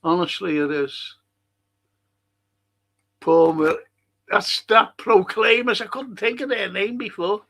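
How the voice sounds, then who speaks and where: A man's voice: sits high, takes it slowly, gravelly, long pauses, sharp tone. A man hosting a live football watch-along stream, reading out chat messages and ranting bluntly with heavy swearing.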